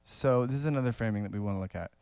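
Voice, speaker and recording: A man giving a casual saxophone lesson, talking in a relaxed, conversational way with many fillers and small laughs. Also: lowish voice, very fast, clean tone, no room sound. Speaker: saxophone teacher.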